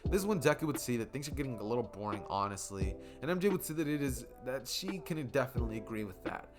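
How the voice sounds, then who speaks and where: A man's voice: mid-range voice, lively intonation, fast, music in the background. A young man casually narrating a fan story he makes up as he goes, rambling, with fillers.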